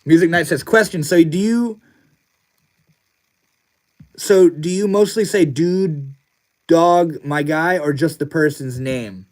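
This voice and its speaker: A man's voice: a little high, takes it slowly, long pauses, darkish tone. Laid-back slangy male streamer. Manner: laid-back and slangy, reading comments aloud. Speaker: livestream host. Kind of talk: casual livestream chat.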